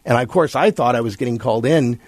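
A man's voice: mid-range voice, quick pace, no echo. A man, a bankruptcy attorney and guest, telling a long personal story and acting out what others said to him. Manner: animated anecdote telling, acting out quoted voices. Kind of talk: storytelling interview answer.

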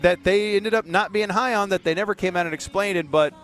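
A man's voice: high-pitched, fairly quick, a bit bright, faint music behind. A man co-hosting sports talk radio, casually retelling a conversation and weighing both sides. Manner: chatty storytelling, relays conversations.

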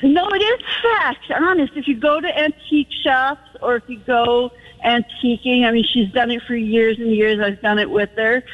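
A woman's voice: fairly high pitch, moderate pace, highs cut off. A woman calling into a radio show, earnest and insistent in a phone-in chat. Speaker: caller.

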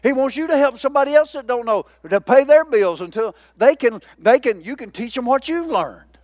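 A pastor in full sermon, his voice sitting high for a man. He jokes and keeps prompting the congregation as he goes. The sound is dry, with no room echo. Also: brisk. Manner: lively, joking preacher who calls out to the congregation.

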